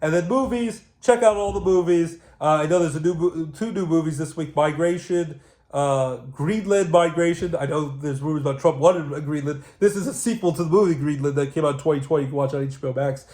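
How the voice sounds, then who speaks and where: A man's voice: fairly high pitch, a little fast, a little mellow. A man hosting a casual solo sports show who rambles from topic to topic with plenty of fillers.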